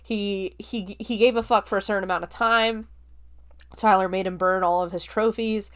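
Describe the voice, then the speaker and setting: A woman's voice: mid-range voice, normal speed, clean tone. A young woman podcast host casually recapping and reviewing a film, chatty and full of filler words, swearing now and then. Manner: chatty, heavy use of "like", relaxed swearing.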